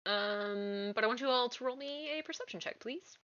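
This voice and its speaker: A woman's voice: a little high, normal speed, fairly bright tone, dull audio. A woman game master narrating a tabletop game in a hesitant, casual way with frequent ums. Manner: hesitant, many ums, giggly asides.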